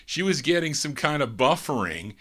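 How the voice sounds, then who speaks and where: A man's voice: on the high side, big pitch swings, normal speed, pushed and bright. A man hosting a live oldies record show, chatting between records and talking to listeners, laughing as he goes. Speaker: oldies radio show host.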